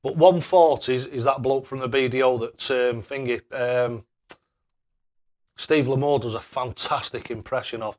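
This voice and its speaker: A man's voice: medium pitch, steady tone, a little slow, darkish tone. A man hosting a casual live stream, chatting away and thanking viewers by name with matey banter. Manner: matey banter, calls people mate.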